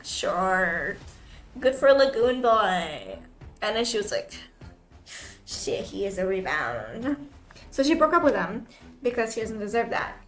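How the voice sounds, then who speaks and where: A woman's voice: on the high side, fairly bright tone. A woman streamer ranting on a live stream, exasperated and swearing freely.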